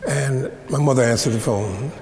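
A man's voice: medium pitch, normal speed, vocal fry, a little mellow, slight background noise. A man in his seventies, a preacher lecturing at a seminary, who tells folksy stories with playful asides. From United States. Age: 70s. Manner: folksy storyteller, playful asides, stretches words for effect. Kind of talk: storytelling lecture. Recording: echoey hall with long reverb.

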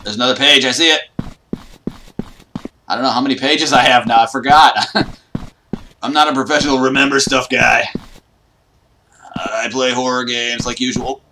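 A man talking through a horror game with crude jokes and swagger, bursting into yelps and shouts at every scare. His voice sits at an ordinary middle pitch. Noticeable hiss and mouse clicks run under the recording. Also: fairly even intonation, normal speed, long pauses. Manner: joking, boastful trash talk with sudden yelps. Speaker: gaming YouTuber. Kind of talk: horror game let's play commentary.

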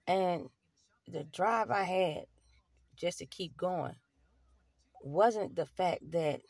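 A woman's voice: low-pitched, darkish tone, dry recording, clean studio sound. A young woman vlogger telling her own story to camera, candid and street-casual, with plenty of swearing and fillers. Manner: blunt, profane, street-casual talk with many fillers.

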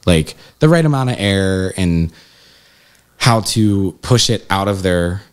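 A man with a very low voice talks casually about running a haunted house. He tells his stories with energy and slips into quoted voices along the way. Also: slow, clear, resonant tone. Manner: animated storyteller, acts out quotes with jumps in pitch. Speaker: haunted house manager and scare actor. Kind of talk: casual interview chat.

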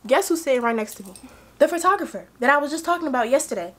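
Excitable young woman chatting to viewers. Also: high-pitched, racing. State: tipsy. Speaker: vlogger. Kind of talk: casual chat to camera.

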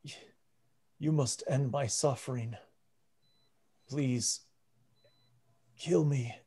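A man voicing a frail, atrophied old male priest who speaks quietly and earnestly. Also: mid-range voice, extremely slow, breathy edge, pitched above the performer's own voice. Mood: pleading. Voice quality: soft and quiet.

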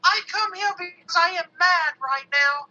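A woman's voice: extremely high pitch, moderate pace, bright, forceful tone, heavily acted. A woman on a call voicing a boastful male heel wrestler who rants and repeats threats. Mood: angry. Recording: dull phone line.

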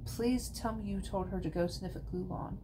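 A woman's voice: mid-range voice, moderate pace, warm tone, slight background noise, close to an everyday voice. A woman playing a sneering preteen boy. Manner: sneering and blunt. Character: scornful, loyal preteen boy friend.

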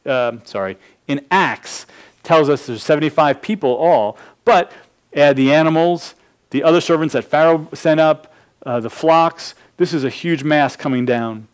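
A man's voice: on the high side, a little slow. A man, a pastor, teaching a verse-by-verse sermon, laying out numbered points with frequent restarts.

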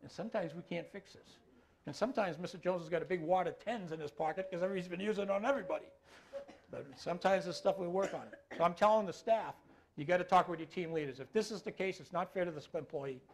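A man's voice: high voice, quick pace. A middle-aged man training an audience on dementia care, talking in a loose conversational way and often checking in with the listeners. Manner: conversational, keeps checking in with the audience, tacks on filler phrases. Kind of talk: talk to an audience.

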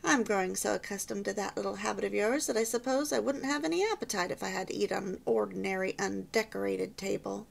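A fond young husband in a storybook, teasing his wife in a lower, quick run of words, as a woman reads him. There is a slight gravel in the tone. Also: expressive.

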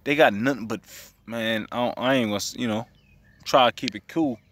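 A man's voice: medium pitch, brisk, fairly bright tone, recorded from a distance, a little hiss or hum. A man giving casual religious commentary, profane and agitated, returning to the same phrases again and again.

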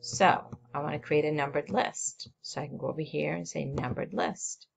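A woman teacher walking students through a software assignment step by step on a screen recording, narrating each click. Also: sits low, steady tone, normal speed, creaky, a little hiss or hum.

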